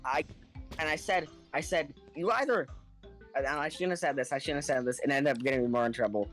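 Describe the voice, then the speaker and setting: Animated young-sounding man telling a story. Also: a little high, a little fast, soft background music. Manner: animated, acts out the other people in his story; laughs between lines. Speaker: podcast co-host telling a story. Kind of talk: casual storytelling chat.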